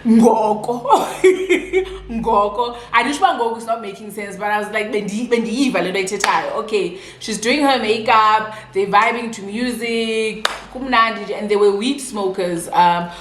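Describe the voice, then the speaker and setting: A young South African woman with a Xhosa-influenced accent, telling a casual storytime while eating, chatty and animated. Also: mid-range voice, normal speed, echoey room, slight background noise. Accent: South African, Xhosa-speaking. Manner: chatty, code-switching, animated retelling. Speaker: vlogger.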